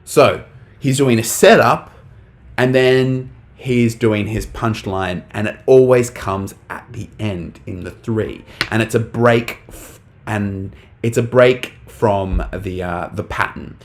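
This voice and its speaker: Man, young adult, teacher, lowish voice, casual, fillers, live lesson. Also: slow. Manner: casual, talks to chat, many fillers. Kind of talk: live online English lesson.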